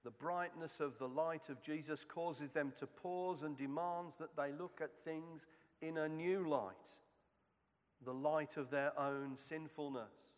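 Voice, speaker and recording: Male preacher, unhurried and measured, long reverb behind him; sermon reading. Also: on the high side. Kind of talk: sermon reflection.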